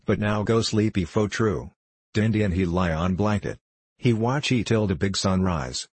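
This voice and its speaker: A man voicing a tall, calm male woodsman who speaks in clipped, broken English. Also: lowish voice, moderate pace, slightly rough, dry recording. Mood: concerned.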